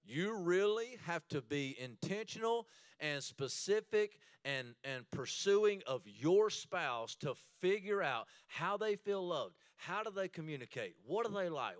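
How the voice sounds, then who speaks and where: A man leading a church marriage class, animated and joking, laughing often as he talks. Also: high voice, no room sound, studio quality.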